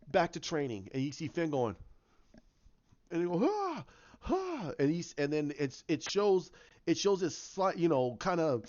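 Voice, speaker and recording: Rambling male fan, slightly higher voice, lots of restarts, lo-fi dull sound. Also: a little mellow. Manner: rambling, with many restarts and acted-out quotes. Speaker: fan commentator. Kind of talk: casual storytelling monologue.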